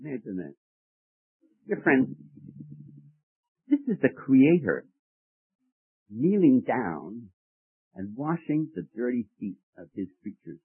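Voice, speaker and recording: A man preaching in an expressive, rising-and-falling voice, pausing to quiz his listeners. His voice is slightly husky and comes through a dry, tinny, phone-like recording. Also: medium pitch. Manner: expository teaching with questions to the congregation. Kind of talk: sermon.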